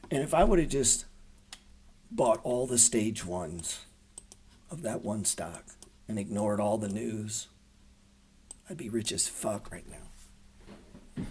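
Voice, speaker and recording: A man's voice: fairly low pitch, husky. A man in his forties hosting a trading show, talking casually to viewers and telling stories in a laid-back, swearing manner.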